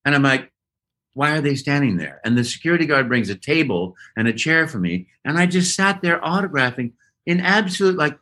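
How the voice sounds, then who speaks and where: Brief: male voice actor guest, bright ringing tone, animated storyteller, jumps into quoted voices. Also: brisk. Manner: lively anecdotal storyteller who jumps into high quoted voices. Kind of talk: casual interview storytelling.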